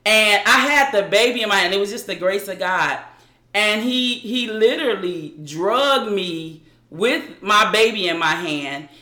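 A woman, as an interview guest, recounting a personal story in a halting way with frequent restarts. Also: mid-range voice, lively intonation, bright, forceful tone, roomy sound.

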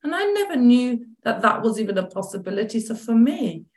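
A woman, a chronic pain coach as guest, telling a personal story in lively conversation and acting out what others said. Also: a little high, a little fast, roomy sound. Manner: animated, acts out quoted dialogue.

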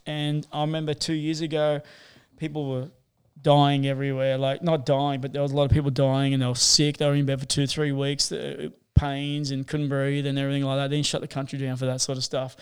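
A man's voice: mid-range voice, monotone, brisk, few pauses, clean tone. A man telling rambling, sweary stories in a casual chat, full of fillers.

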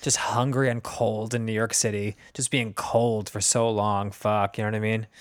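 A man's voice: on the low side, level tone, moderate pace, no echo, studio quality. A male podcast co-host in casual chat, wry and teasing, with casual swearing.

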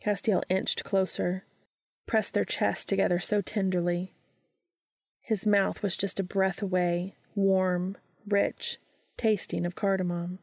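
A woman narrating a story aloud in a calm, even storytelling manner. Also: medium pitch, takes it slowly, creaky, no room sound, clean studio sound. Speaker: podfic reader. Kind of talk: audiobook narration of fan fiction.

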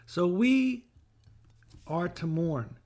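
Earnest higher-voiced man teaching scripture. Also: expressive, extremely slow, darkish tone. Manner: earnest, repeats phrases for emphasis. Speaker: podcast host and bereaved father.

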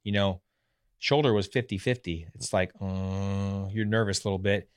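A former professional pitcher in his thirties, a guest telling his story in a casual, animated way, often acting out what others said. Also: normal speed, clear, resonant tone. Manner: animated, acts out quotes of others.

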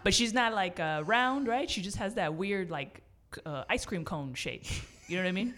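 A woman's voice: medium pitch, lively intonation, normal speed, a crowd in the background. A woman co-hosting a podcast in casual chat, blunt, profane and teasing. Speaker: podcast co-host.

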